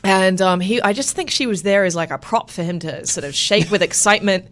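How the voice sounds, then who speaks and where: A woman co-hosting a podcast, telling stories in a lively, chatty way. Her voice sits at a middle pitch for a woman. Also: a little fast. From Australia. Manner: animated storyteller, lively and chatty. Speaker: podcast co-host. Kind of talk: casual podcast chat.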